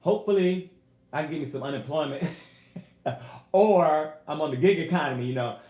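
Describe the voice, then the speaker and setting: A man speaks earnestly to his viewers on a casual home live stream, his voice sitting a little high. He gets emotional and animated as he calls out to them as y'all. The webcam sound carries a noticeable room echo. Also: normal speed. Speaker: YouTuber and singer.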